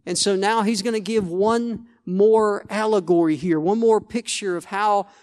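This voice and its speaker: A man's voice: sits high, fairly even intonation, unhurried, darkish tone. A male pastor preaching a sermon, conversational, restarting phrases and asking the congregation "Amen?".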